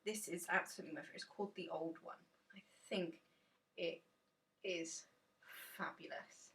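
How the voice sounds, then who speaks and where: Woman rambling about tarot, gushy and chatty, bright voice, a bit far off the mic. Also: fairly low pitch, steady tone, fairly quick. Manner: enthusiastic, gushing, chatty. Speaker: tarot deck reviewer. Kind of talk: rambling casual chat. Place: dim room indoors.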